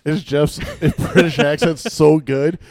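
A man's voice: on the high side, fairly even intonation, slow, a little mellow. A man co-hosting a casual podcast chat in an easygoing way, often laughing along. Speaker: podcast co-host.

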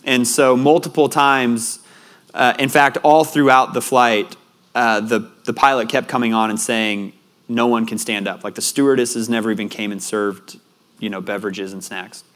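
A man preaching to his congregation in an earnest, storytelling way. His voice sits at an ordinary middle pitch, and at tender moments it drops soft and quiet. He sounds like a young adult pastor sharing a story from his own week. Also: steady tone, moderate pace. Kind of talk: sermon with personal story.

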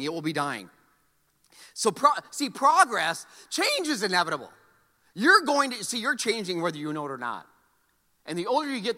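A pastor preaching a sermon, animated and calling on the congregation to repeat words back. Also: male voice, high-pitched, big-room sound. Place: church sanctuary.

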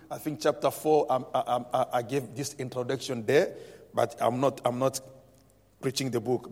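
A man's voice: medium pitch, darkish tone. A man preaching a Sunday morning sermon, emphatic and repetitive, punctuating points with "Amen" and leading the congregation in reading together. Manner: emphatic preaching with repeated "Amen" and call-and-response. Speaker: pastor. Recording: long hall reverb.

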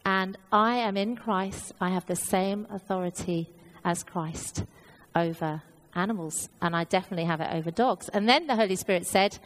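A woman's voice: mid-range voice, normal speed, rough recording. A woman preaching a sermon, telling a personal story in an earnest way with many fillers and restarts.

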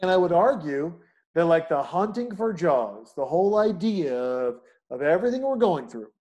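A man's voice: a little high, sing-song, moderate pace, darkish tone. A man co-hosting a casual chat, talking in long, profane, emphatic rants.

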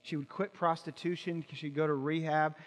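A man's voice: on the high side, little pitch movement, normal speed, big-room sound. A male pastor preaching an impassioned sermon, asking rhetorical questions and repeating words as he builds.

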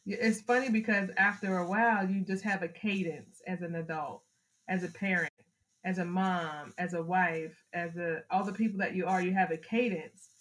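A middle-aged woman, a mother sharing parenting advice in a casual chat, telling family stories with lively acted-out moments. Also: fairly low pitch, moderate pace, poor audio. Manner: animated storyteller, acts out family scenes with laughter. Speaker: podcast guest, mother of the host.

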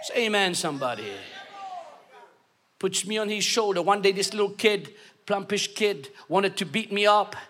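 A man preaching a sermon, emphatic and call-and-response, often rising to shouts. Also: high voice, lively intonation, moderate pace, slight background noise.

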